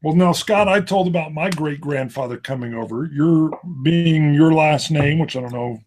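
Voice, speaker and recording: Whisky co-host, male, animated storyteller, casual stream banter, voice pitched a bit high. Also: moderate pace, slight background noise. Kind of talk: casual live-stream chat.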